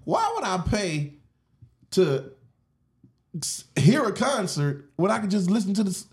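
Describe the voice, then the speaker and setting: A man's voice: high voice, sing-song, a little slow. A man hosting a casual group podcast, laughing often and steering the talk back to the topic. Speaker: podcast host.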